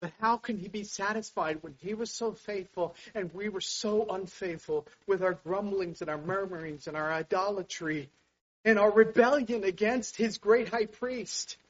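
A man preaching a sermon with passion, dropping to a hush and then rising to loud exclamations. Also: high-pitched, normal speed. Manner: impassioned, swings from hushed to loud exclamations. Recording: dull lo-fi sound.

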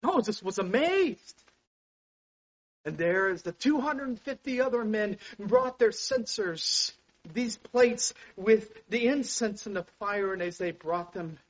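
High-voiced preacher, muffled recording. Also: male voice. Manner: impassioned, swings from hushed to loud exclamations. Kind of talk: sermon. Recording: dull lo-fi sound.

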